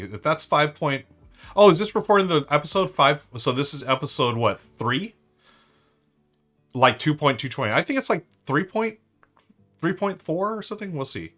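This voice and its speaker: A man's voice: mid-range voice, sharp tone. A man hosting a live-stream trivia board game, chatting upbeat and thinking aloud to his viewers.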